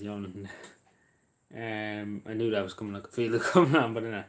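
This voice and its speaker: Sitting at home in a squeaky chair, a man hosts a livestream and talks casually to viewers. He rambles and hesitates, full of fillers and restarts, in a lowish voice at normal speed.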